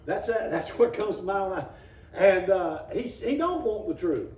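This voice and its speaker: A man teaching a casual Bible class, reading verses aloud and breaking into quick impressions of the people in them. His voice sits a little high but sounds mellow. He is heard from across an echoing church room. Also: very animated. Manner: folksy, acts out the people he quotes; reads scripture aloud, then explains it. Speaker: Sunday school teacher. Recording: roomy, distant, dull room recording.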